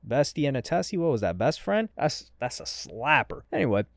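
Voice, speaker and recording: A man's voice: mid-range voice, big pitch swings, a little fast, gravelly, dry recording. Sarcastic chatty male commentary host. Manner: sarcastic, chatty, jumps between dry asides and loud reactions. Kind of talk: casual commentary reading messages.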